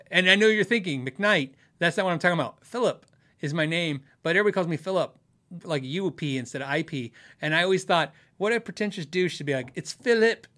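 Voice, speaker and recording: A man's voice: a little high, fairly bright tone. A middle-aged man hosting a guitar show, chatting casually with viewers, rambling and laughing often at himself. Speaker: host of a guitar show answering viewer questions. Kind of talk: casual live-stream chat.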